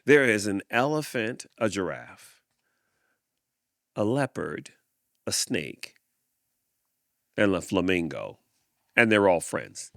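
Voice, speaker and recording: A man's voice: lowish voice, takes it slowly, vocal fry, long pauses, dry recording, studio quality. A man hosting a podcast, reflecting and then reading a picture book aloud, often repeating words as he goes. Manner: repeats words, animated and expressive. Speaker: podcast host.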